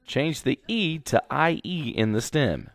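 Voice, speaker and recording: A man's voice: fairly high pitch, animated, measured pace, no echo, clean studio sound. A man teaching a grammar lesson slide by slide, speaking instructively and repeating directions to students. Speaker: Spanish teacher.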